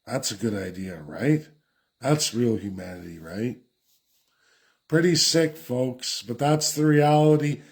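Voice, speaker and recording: A man's voice: medium pitch, expressive, takes it slowly, creaky, a little mellow. A man from Canada ranting sarcastically in a political commentary vlog.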